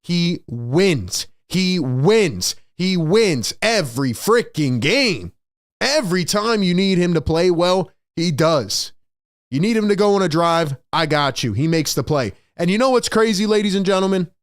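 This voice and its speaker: A man hosting a postgame sports show, talking in an excited, emphatic way and repeating his key points, worked up with excitement. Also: high-pitched, unhurried, dry recording, clean studio sound. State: overexcited.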